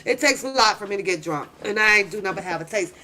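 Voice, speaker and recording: A middle-aged woman hosting a casual live chat, telling stories loudly, laughing often and cursing freely. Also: medium pitch, expressive, fast. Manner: loud, laughing, profane storytelling. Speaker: livestream host.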